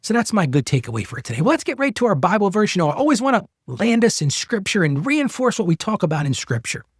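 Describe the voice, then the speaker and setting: Husky middle-aged man coaching earnestly. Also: high-pitched, sing-song, fast, dry recording, studio quality. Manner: earnest, coaching, repeats phrases for emphasis. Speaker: podcast host. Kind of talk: faith-based money advice talk.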